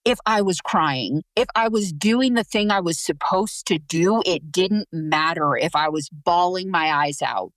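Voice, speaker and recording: Candid woman host, slightly low voice. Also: unhurried, hardly any pauses, a bit bright, no room sound. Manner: open, emotional, informal with swearing. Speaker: podcast host. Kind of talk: candid personal storytelling.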